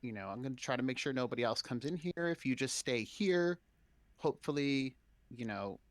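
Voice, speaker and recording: A man's voice: mid-range voice, lively intonation, normal speed, no room sound. A man speaking in character in a tabletop game, hesitant and rambling. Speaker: player.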